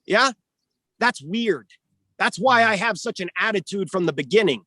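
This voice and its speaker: High-voiced man ranting combatively. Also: animated, normal speed, pushed and bright, dry recording. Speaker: fighter's coach and manager. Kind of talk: heated interview talk.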